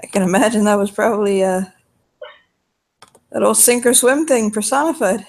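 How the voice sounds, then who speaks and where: A player voicing a gentle, protective older brother who speaks softly and calmly. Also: mid-range voice, normal speed, voice pushed up, lightly acted. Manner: gentle and soft-spoken. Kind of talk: tabletop role-play in character.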